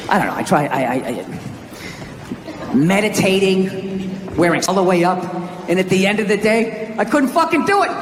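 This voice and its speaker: An American stand-up comedian with an extremely high-pitched voice rants brashly and profanely, often bursting into shouts. He's performing a live set on stage before an audience, recorded in an echoey hall full of loud crowd noise.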